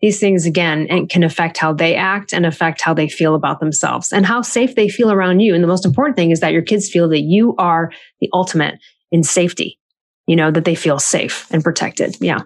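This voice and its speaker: A woman author giving parenting advice in casual podcast talk. She is chatty and animated and acts out quoted lines with jumps in pitch. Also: fairly quick.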